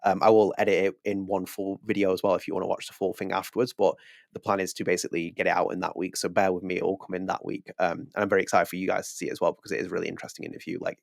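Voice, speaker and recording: A man's voice: low-pitched, gravelly, no room sound, clean studio sound. A British man co-hosting a casual podcast, chatty and rambling, with a self-deprecating manner. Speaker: podcast co-host.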